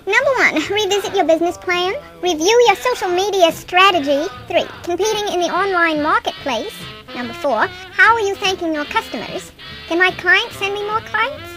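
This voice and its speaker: An easily worked-up old grandmother fusses and frets in a very high, light voice, as a woman plays her. She sounds fussy and excitable throughout this improvised comedy radio bit, with music playing behind. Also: normal speed. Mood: excited.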